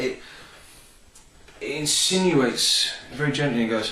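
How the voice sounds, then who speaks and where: A man's voice: medium pitch, lively intonation, measured pace, pushed and bright. A man reviewing a product in a casual, rambling vlog, full of ums and enthusiasm. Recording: roomy, distant from the mic.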